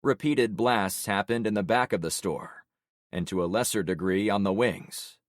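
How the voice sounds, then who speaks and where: A man reading a first-person audiobook in a steady, measured storytelling manner. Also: on the low side, dry recording, clean studio sound. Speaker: narrator.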